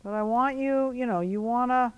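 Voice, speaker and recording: A woman riding instructor coaching a rider in an arena, giving brisk commands mixed with encouragement. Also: fairly high pitch, clear, resonant tone, no room sound, rough recording.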